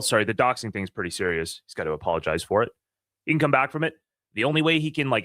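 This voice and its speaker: A man's voice: fairly low pitch, sharp tone, dry recording, studio quality. A man giving blunt, emphatic opinions in a casual group voice chat. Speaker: voice chat participant.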